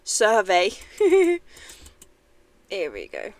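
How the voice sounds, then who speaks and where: Young woman streamer, chatty, self-deprecating, animated pitch, slow easy delivery. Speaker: game streamer. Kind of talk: casual livestream chat.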